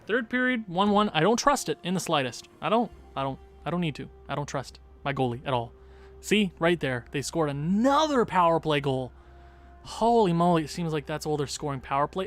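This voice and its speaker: A man's voice: a little high, expressive, normal speed, faint music behind. A man commentating his own hockey video game stream live, groaning and cheering at each goal, his voice wearing out. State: losing his voice. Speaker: gaming streamer.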